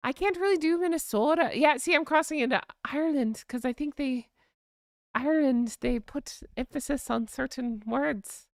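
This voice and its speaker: A woman's voice: high-pitched, moderate pace, no room sound, clean studio sound. An American woman hosting a casual live chat stream, chatting and reading out viewer comments. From United States. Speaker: livestream host.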